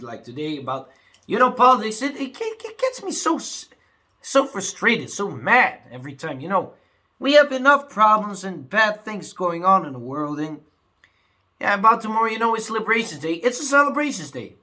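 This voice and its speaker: A young man vents to his audience in a casual, emotional rant. His voice sits high and swoops widely, with a bright, edgy tone. He flips between angry bursts and quiet, heavy mumbling, leaning on "you know" and "man". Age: young adult. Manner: emotional, swings between angry outbursts and low sad mutters. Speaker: vlogger.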